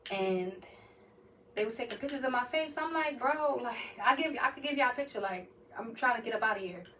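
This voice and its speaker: A woman's voice: on the high side, animated, brisk, pushed and bright, far from the mic, low-quality recording. A young woman tells a story on her podcast in a loose, casual way, packing her talk with slang, filler and swearing. She sits a little back from the mic, and a faint hiss runs under her voice. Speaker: podcast host. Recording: slightly off-mic with faint noise.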